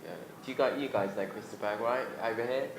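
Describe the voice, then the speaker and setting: A man's voice: mid-range voice, fast. A man from England chatting casually as a convention panel guest, rambling and laughing as he acts out family voices. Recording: echoey hall, noisy crowd room.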